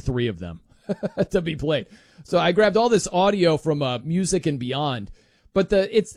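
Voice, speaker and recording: Male radio host, animated and jokey, lively delivery, close dry mic. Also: fairly high pitch, no room sound. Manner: animated, chatty, jokey asides. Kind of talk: casual radio talk.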